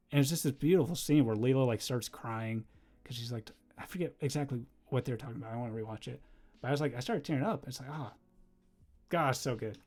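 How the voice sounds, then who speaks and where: A young man chatting casually on a livestream while he draws, rambling and easily distracted, laughing often and bursting into loud excited exclamations. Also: mid-range voice. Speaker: livestreaming animator.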